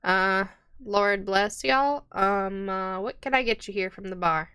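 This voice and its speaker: A sturdy, no-nonsense tavern keeper who serves food with homespun, folksy chatter and little patience for interruptions, as a woman game master puts her on. Her voice rings bright and clear. It sits a little higher than the performer's own. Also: a little slow. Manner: folksy, plainspoken country talk. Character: hardy, brusque middle-aged tavern keeper woman.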